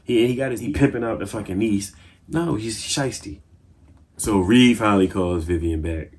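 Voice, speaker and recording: A man with a deep, low voice and a husky edge tells the story of a show's latest episodes. He talks in loose slang, full of fillers, and jumps up into excitable bursts. It sounds like an off-the-cuff review vlog. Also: a little fast. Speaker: TV show reviewer. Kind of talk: casual episode recap.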